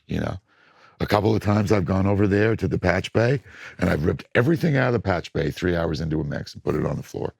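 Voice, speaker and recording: An older man, a record producer, talking casually in an interview and telling animated studio stories. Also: low voice, fast, dry recording. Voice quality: gravelly. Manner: animated storytelling, acts out studio voices.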